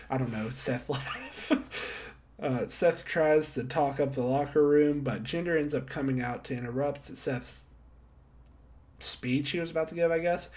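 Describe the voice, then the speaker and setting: A man's voice: medium pitch, a little mellow. A young man casually recapping a wrestling episode and giving star ratings, chatty and self-deprecating, laughing at himself often. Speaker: wrestling show reviewer.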